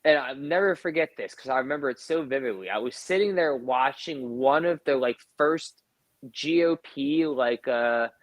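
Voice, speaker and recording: A man's voice: mid-range voice, fairly bright tone, dry recording, highs cut off. A man in his thirties co-hosting a podcast, telling profane, rambling stories in casual chat, packed with fillers and quoted back-and-forth. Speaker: podcast co-host.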